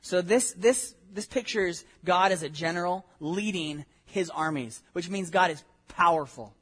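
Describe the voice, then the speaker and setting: Married pastor, high-pitched and husky voice, lively conversational sermon with asides. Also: male voice, unhurried. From Southern California. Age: adult, married with a wife. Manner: animated, conversational preaching with many asides and audience questions. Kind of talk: expository sermon.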